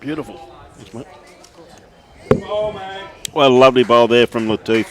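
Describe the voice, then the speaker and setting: A man's voice: medium pitch, little pitch movement, unhurried, background noise. An Australian man commentating a lawn bowls match in a chatty, joking way, greeting viewers and calling people mate. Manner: chatty, laughing, calls everyone mate. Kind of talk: live sports commentary.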